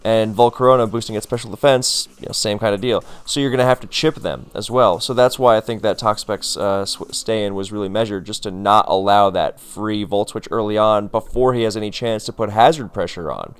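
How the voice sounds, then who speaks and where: A man's voice: on the low side, brisk, few pauses, smooth. A man casually commenting on a competitive battle replay, chatty and full of fillers, self-correcting as he goes, sounding tired.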